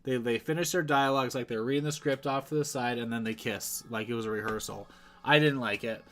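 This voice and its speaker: A man's voice: medium pitch, fairly even intonation, fairly quick, a bit bright. Rambling man reviewing a TV episode. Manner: rambling, self-correcting, enthusiastic. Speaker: show reviewer. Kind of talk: casual spoken TV review. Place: at home, streaming.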